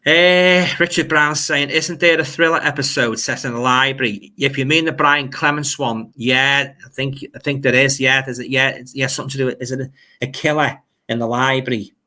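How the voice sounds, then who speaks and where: This Liverpool-accented man hosts a casual livestream at a moderate pace, his mid-range voice steady and sharp. He reads out comments from viewers and rambles on, frequently repeating words.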